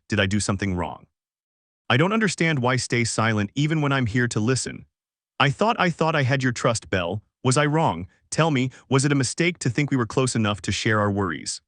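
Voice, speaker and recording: A dignified elf woman pleading through tears, with the lines read aloud by a man in a steady, plain voice. The delivery stays even and unhurried, at a middling pitch. The recording is dry and close, with no room sound. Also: dry recording, natural voice. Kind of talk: storybook dialogue reading.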